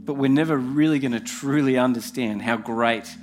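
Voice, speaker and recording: A young man preaching a heartfelt sermon with repeated phrases, soft music behind. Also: medium pitch, moderate pace.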